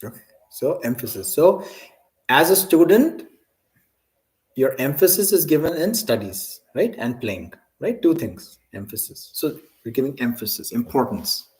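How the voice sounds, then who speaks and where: A man's voice: mid-range voice, sing-song, measured pace, a little mellow, rough recording. A man teaching a scripture class, asking students questions and often checking in with "right?".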